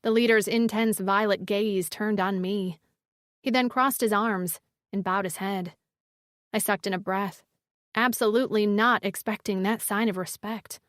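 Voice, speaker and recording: A woman's voice: medium pitch, steady tone, no room sound. A woman narrating an audiobook, dry studio voice. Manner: measured storytelling. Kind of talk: scripted first-person audiobook narration.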